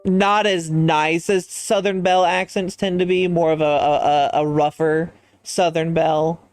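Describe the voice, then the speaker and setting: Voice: medium pitch, steady tone, unhurried, soft background music. A livestreamer chatting casually while designing a character, thinking aloud and answering chat in a musing way.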